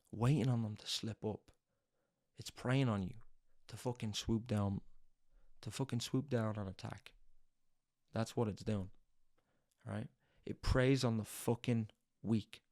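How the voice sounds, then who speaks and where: A young man giving an intense, profane motivational monologue as podcast host, hammering home each point through repetition. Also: medium pitch.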